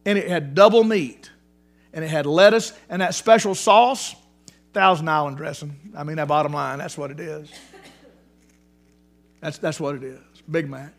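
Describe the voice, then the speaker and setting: High-voiced animated male preacher. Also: moderate pace, long pauses, faint music behind. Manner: animated, repeats words for emphasis, restarts often. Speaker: pastor. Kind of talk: sermon. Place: church sanctuary.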